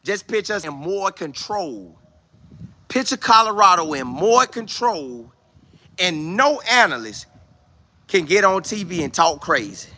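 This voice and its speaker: A man vlogging outdoors with no studio, talking sports in an excitable, repetitive way full of preacher-like exclamations. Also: high-pitched, measured pace. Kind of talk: casual hyped-up monologue to camera.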